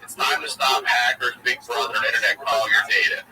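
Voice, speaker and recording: A man hosting a podcast, reading a sponsor ad in a brisk, casual manner. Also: medium pitch, steady tone. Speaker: podcast host. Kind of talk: read sponsor ad. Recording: distant mic, loud background noise.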